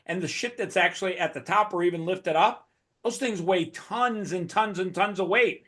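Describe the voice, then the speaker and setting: A male podcast host with a slightly raised pitch, telling stories in a loose, animated way and swearing freely as he chats with his guest. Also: normal speed. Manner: animated profane storytelling. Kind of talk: casual conversation.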